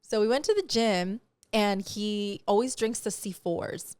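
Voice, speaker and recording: A woman co-hosting a podcast in casual chat, telling an animated, profane story full of acted-out quotes into a close mic. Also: medium pitch, a little slow, clear, resonant tone, no echo. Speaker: podcast co-host.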